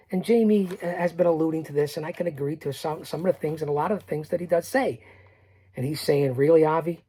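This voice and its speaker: A male podcast host delivers a solo, boastful recap of a tournament in a darkish, slightly rough voice. Addressing his audience directly, he presses them to stay and now and then drops to a low mutter.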